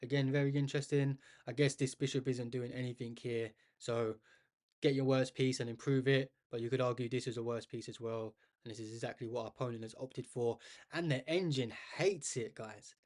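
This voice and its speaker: A man's voice: mid-range voice, fairly even intonation, fairly quick, a little mellow. Chatty man commentating live chess. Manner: chatty, addresses viewers as guys, thinks aloud with restarts.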